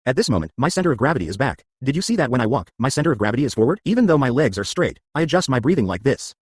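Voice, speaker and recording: Husky, lively-voiced male exercise instructor. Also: mid-range voice, racing, dry recording, clean studio sound. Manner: instructive, often checks with listeners. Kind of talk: spoken exercise lesson.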